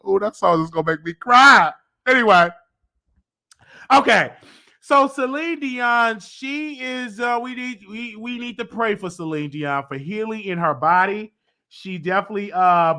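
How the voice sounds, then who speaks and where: A man in his thirties hosting a casual talk show, telling stories in an animated way, acting out voices and breaking into song. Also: high-pitched, measured pace. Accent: Southern US. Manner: animated storytelling, breaks into singing, acts out voices. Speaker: host. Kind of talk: casual chat.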